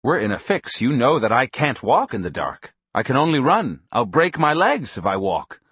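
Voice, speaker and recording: A man voicing an old male sorcerer, cryptic and urgent, speaking in a hushed, secretive way. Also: medium pitch, big pitch swings, normal speed, breathy edge, dry recording, clean studio sound. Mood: wry.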